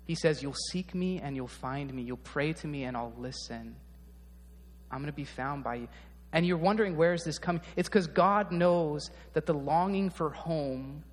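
A male pastor delivers a casual, chatty sermon, often turning to the congregation with a quick "right?". His voice sits fairly high for a man. It rings with the long reverb of a large church hall. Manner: conversational, often asks the audience "right?".

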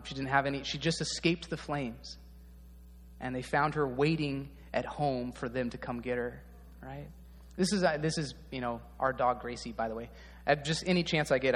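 A man preaching a sermon as a pastor, speaking in a relaxed, conversational way and often checking in with the audience. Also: medium pitch, moderate pace, in a large hall.

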